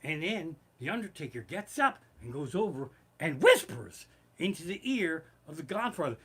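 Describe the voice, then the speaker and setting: Streaming live from his living room on a basic home setup, a man does comedic storytelling in a voice on the high side, a little fast, with a breathy edge. He rambles, swears freely, and gets heated and animated.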